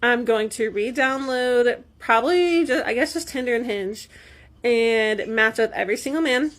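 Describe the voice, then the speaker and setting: A woman's voice: a little high, normal speed, a bit bright. A woman delivering a sarcastic, scheming selfie video rant.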